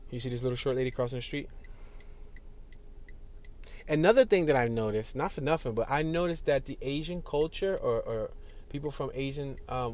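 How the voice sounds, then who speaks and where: A man's voice: medium pitch, a little mellow. A man giving casual running commentary while driving through city streets, chatty and laughing often. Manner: chatty, laughs often, talks to people outside the car. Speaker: driving tour vlogger. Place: inside a car in city traffic.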